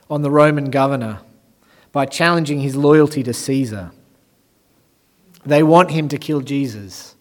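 A man preaching a sermon, moving from hushed lines to loud, emphatic ones. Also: fairly high pitch. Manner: swings from quiet to loud and emphatic.

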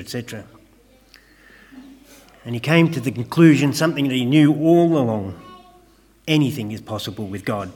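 A man preaching a sermon in a gentle, conversational way, with light touches of humor. His prayers drop to a soft, hushed tone, and his voice stays mid-pitched and unforced throughout. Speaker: pastor.

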